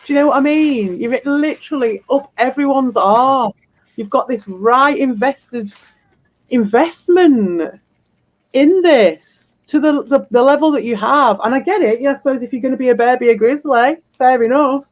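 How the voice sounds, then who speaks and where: A woman's voice: high-pitched, normal speed, highs cut off. Blunt, combative woman streamer. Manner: blunt, combative, swears freely. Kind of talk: livestream rant.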